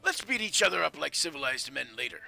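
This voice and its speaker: A man's voice: fairly high pitch, sing-song, fast talker, creaky, bright, forceful tone, faint music behind, voice pushed up, full character voice. A man voicing a jovial, brawling male dwarf in a tabletop game, hearty and boisterous.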